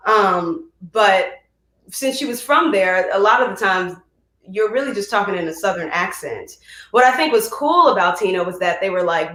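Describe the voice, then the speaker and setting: A young woman from Chicago, a musical theatre actress, chatting in an interview, animated and laughing as she demos vocal exercises. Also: mid-range voice, moderate pace, echoey room. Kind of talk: casual video interview.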